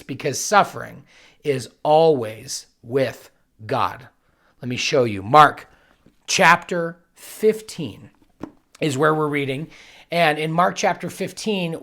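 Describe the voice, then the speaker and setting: Earnest man giving devotional teaching. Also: fairly high pitch. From United States. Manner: earnest and reflective, builds to emphatic bursts.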